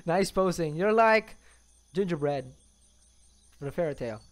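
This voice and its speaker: A young man playing a video game alone, reacting out loud and chatting to the characters on screen. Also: high-pitched, a little slow. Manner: excitable, talks to the game characters, laughs often. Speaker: gaming channel host. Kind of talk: solo let's play commentary.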